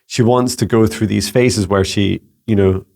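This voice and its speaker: A Scottish man relaying psychic messages to viewers in a casual solo talk, halting and searching for words as he goes. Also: lowish voice, fairly even intonation, creaky, mellow. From Scotland. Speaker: psychic mentor answering viewer questions. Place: home with a laptop.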